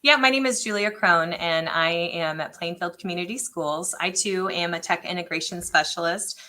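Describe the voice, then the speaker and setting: A woman in her forties, a tech integration specialist, telling an animated story in a casual panel chat and acting out the quotes. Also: lowish voice, moderate pace, slight background noise.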